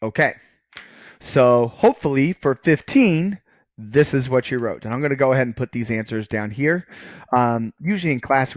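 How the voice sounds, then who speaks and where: A man's voice: mid-range voice, dry recording. A man giving a recorded math lecture, casual and joking, often checking in with "okay" while writing on screen. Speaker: college math professor.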